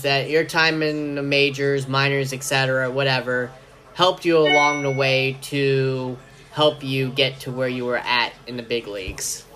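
Male podcast host, laid-back interviewer with a bright, forward tone. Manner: relaxed, loose phrasing, drops to a low murmur. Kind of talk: casual interview.

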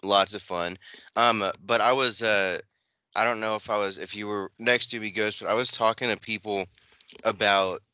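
A man's voice: on the low side, steady tone, moderate pace, sharp tone, smooth, no echo. A man co-hosting a casual podcast, telling rambling stories packed with filler words and laughter. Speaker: podcast co-host. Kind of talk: casual crude chat.

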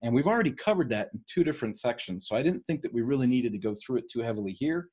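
East Coast-raised male study leader, husky voice, rapid and conversational. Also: mid-range voice, animated, darkish tone. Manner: fast-talking, keeps checking in with "right?". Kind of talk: casual teaching on a leadership book.

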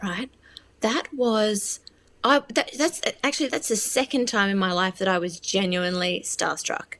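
A woman in a relaxed interview, chatting about her work with lots of restarts and self-deprecating asides. She gets openly emotional and talks at a middling pitch. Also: normal speed. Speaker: filmmaker being interviewed. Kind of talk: casual interview conversation.

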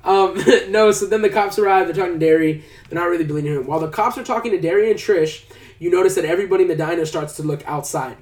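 Animated man retelling a movie. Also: high voice, fast. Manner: animated storyteller who acts out characters' lines. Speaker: podcast co-host recapping a movie. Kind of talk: casual chat. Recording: roomy, from a distance.

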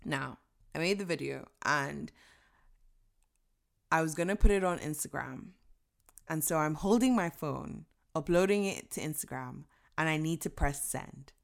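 A woman's voice: low-pitched, a little slow, creaky. A woman in her twenties giving an inspirational talk, earnest and emphatic, emotional as she tells her story and acts out inner voices. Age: 20s. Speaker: motivational speaker. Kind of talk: inspirational speech.

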